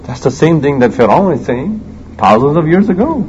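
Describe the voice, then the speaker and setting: Animated male preacher with high swooping pitch. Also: rough recording. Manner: animated, dramatic delivery that swings between loud emphasis and hushed asides; recites Quranic Arabic quickly between English explanation. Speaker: Islamic preacher. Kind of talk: sermon.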